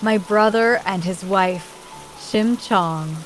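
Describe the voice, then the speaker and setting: A woman's voice: medium pitch, slow, faint music behind, natural voice, rough recording. A woman reading the part of a dutiful older brother, polite and tentative before an emperor. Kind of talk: audiobook reading. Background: rain sound.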